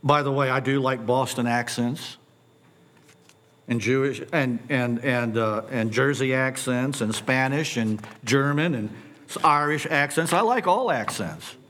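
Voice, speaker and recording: A middle-aged man preaching a sermon, posing animated rhetorical questions and stumbling over repeated words when excited. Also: medium pitch, measured pace. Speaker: pastor.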